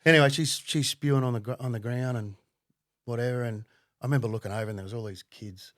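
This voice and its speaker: A man, a podcast guest telling a story in a casual, profane and animated way, often laughing. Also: medium pitch, fast, pauses often, dry recording, studio quality.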